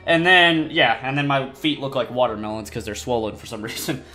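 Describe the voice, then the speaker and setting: A man casually commenting on his own gameplay. He rambles, pokes fun at himself and breaks into sudden excited squeals. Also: mid-range voice, brisk. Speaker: gaming channel host. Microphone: desk mic, no face cam. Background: faint game music.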